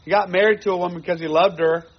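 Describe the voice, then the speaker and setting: A man's voice: high voice, fairly even intonation, very fast, breathy edge, dull audio. A man preaching a sermon to his congregation, earnest and repeating phrases for emphasis. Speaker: pastor.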